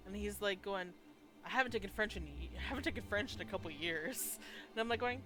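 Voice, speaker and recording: Woman streamer, casual chat, animated storyteller, faint music bed. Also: mid-range voice, fast. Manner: animated storyteller, acts out both sides of conversations. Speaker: Spanish teacher.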